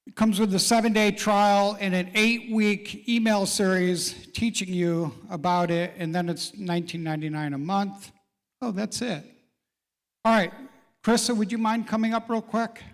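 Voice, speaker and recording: A middle-aged man hosting a live real estate event, folksy and encouraging as he calls out people in the audience by name. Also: sits high. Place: large event hall. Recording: reverberant event hall.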